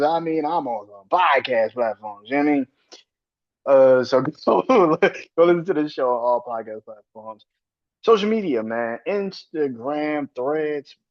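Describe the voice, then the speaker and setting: A man in his thirties hosting his own sports podcast, talking loosely and swearing freely, his voice jumping high when he rants. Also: muffled recording. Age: 30s. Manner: loose and profane, rants with sudden high-pitched outbursts. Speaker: podcast host. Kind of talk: casual solo sports podcast.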